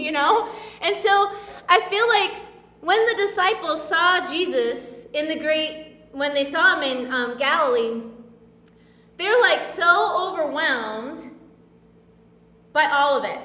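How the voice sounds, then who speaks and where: A woman's voice: high-pitched, normal speed, bright, forceful tone, roomy sound, in a large hall, far from the mic. A woman preaching a casual sermon in a chatty, filler-heavy way, acting out the voices she quotes. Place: church.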